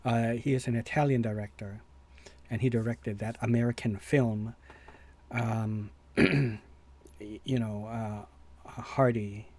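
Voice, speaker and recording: A man's voice: medium pitch, fairly even intonation, slow pace, long pauses, a little mellow. Rambling man in casual reaction chat. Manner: rambling, hesitant, many fillers and restarts. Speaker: reaction video host.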